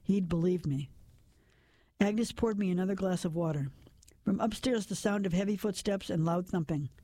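A woman narrating a first-person story, reading it in a measured, steady way. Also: fairly low pitch, no echo.

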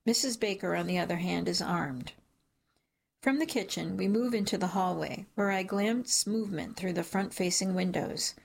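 A woman reading a first-person story aloud as an audiobook narrator, in a measured storytelling manner. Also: mid-range voice, gravelly.

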